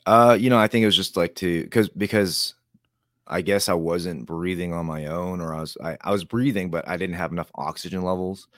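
Man, interview guest, very low pitch, rambling storyteller, acts out quotes, dry recording. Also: fairly quick, a bit bright, dry recording.

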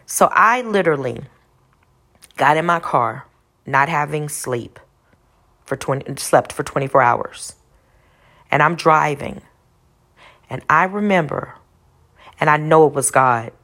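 A woman's voice: deep voice, expressive, unhurried, long pauses, fairly bright tone. A woman from Texas telling a personal faith testimony in an earnest storytelling way, retracing details aloud as she goes. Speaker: speaker sharing a testimony.

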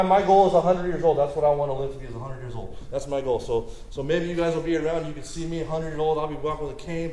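A man's voice: high-pitched, darkish tone, echoey room, rough recording. A man preaching a sermon in a casual, conversational way, often checking in with the crowd by asking "right?". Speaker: pastor.

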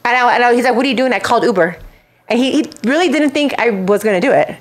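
A woman hosting a casual chat show, telling a story in an animated way, acting out quotes and swearing. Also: fairly high pitch, fast. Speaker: show host.

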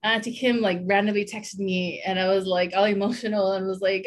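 A woman talking casually on a podcast, telling a personal story in a loose, rambling way. She fills her sentences with little words and laughs often as she goes. Her voice sits at a middling pitch. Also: moderate pace. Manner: chatty, many fillers, laughs often.

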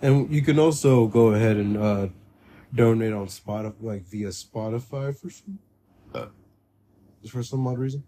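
A man's voice: medium pitch, normal speed, warm tone, a little hiss or hum. A young man co-hosting a podcast in casual chat, joking, swearing freely and laughing often. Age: young adult. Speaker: podcast co-host.

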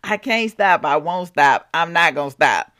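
A woman's voice: medium pitch, animated, a little slow, sharp tone. A woman acting out a stubborn ancient male prophet, repeating his refusals in a sassy, dismissive way. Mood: defiant.

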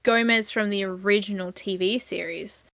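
A woman's voice: mid-range voice, fairly even intonation, normal speed, vocal fry, a bit bright, dry recording, dull audio. A woman co-hosting a casual film chat, chatty and full of fillers, sharing behind-the-scenes trivia. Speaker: podcast co-host.

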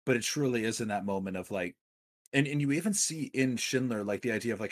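A man's voice: medium pitch, lively intonation, quick pace. A man co-hosting a casual film discussion, talking with enthusiasm and rambling through many fillers. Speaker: podcast co-host.

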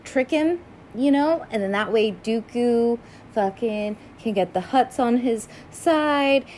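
A young woman chatting casually as she reacts to an animated film, rambling with lots of fillers and frequent swearing, sounding tired. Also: on the high side, takes it slowly, a little hiss or hum. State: tired and yawning. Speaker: first-time viewer reacting to an animated film.

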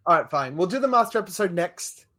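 A man's voice: high-pitched, big pitch swings, fast talker, sharp tone. A man co-hosting a podcast in casual chat, wry and self-mocking, laughing often. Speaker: podcast co-host. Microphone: podcast microphone, audio only.

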